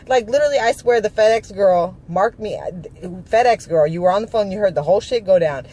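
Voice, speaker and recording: A woman's voice: medium pitch, lively intonation, a little fast, a little mellow. A woman from California, a mother, telling a story in a heated, profane vlog rant, quoting people back and forth. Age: adult mother. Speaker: vlogger.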